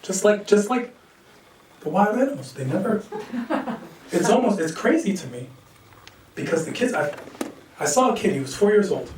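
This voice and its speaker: An animated American man performing stand-up comedy, acting out characters in sudden high voices and laughing at his own jokes. The sound is roomy and distant, picked up by a stage mic far from his mouth. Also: moderate pace, long pauses, slight background noise. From United States.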